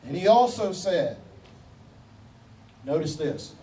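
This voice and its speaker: A high-pitched man preaches a sermon, pressing his point with rhetorical questions and repeated phrases, with a folksy joke now and then. He sounds set back from the mic, with a faint hum of background noise. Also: sing-song, takes it slowly, warm tone, distant mic, low-quality recording. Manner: emphatic, rhetorical questions and repetition; folksy humor.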